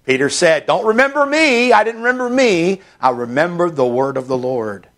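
Gravelly-voiced fervent male preacher. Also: high-pitched, expressive, a bit bright. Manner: emphatic, rising into fervent stretches; reads Scripture aloud in slow measured delivery. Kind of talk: sermon.

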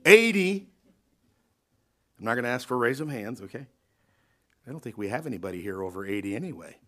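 Briskly and with big swings in his medium-pitched voice, a male pastor gives a sermon in a church sanctuary. His folksy, emphatic delivery shifts from loud, elongated lines to low asides, and he poses questions to the congregation.

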